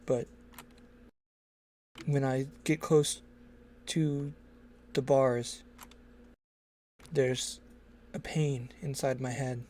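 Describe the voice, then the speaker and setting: A man's voice: medium pitch, fairly even intonation, extremely slow, long pauses, a little hiss or hum. A man voicing a desperate imprisoned man who stammers and begs to be let out in a tabletop game. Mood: weary. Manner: begging, stammering, rising to a yell.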